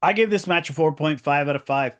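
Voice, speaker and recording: A man's voice: fairly high pitch, a little fast, fairly bright tone. Eager man rating matches. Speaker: podcast co-host. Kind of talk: casual chat.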